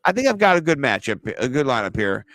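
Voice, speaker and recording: A man co-hosting a casual fantasy football show, joking and swearing through lively banter. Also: medium pitch, fast. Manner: joking, profane, animated banter. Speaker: podcast co-host.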